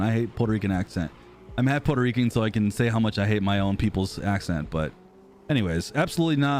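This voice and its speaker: This man in his thirties, from the United States and speaking with an American accent, has a medium-pitched, darkish voice. He rambles in a self-deprecating way while casually reading comments on a live stream, with slight background noise.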